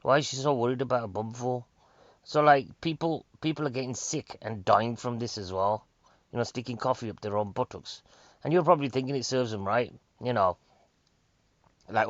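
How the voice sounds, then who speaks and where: A man with a Northern English accent doing a rambling, chatty stand-up set, excitable and quick to wander off topic. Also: mid-range voice, dry recording. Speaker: stand-up comedian. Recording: dry, slightly dull sound.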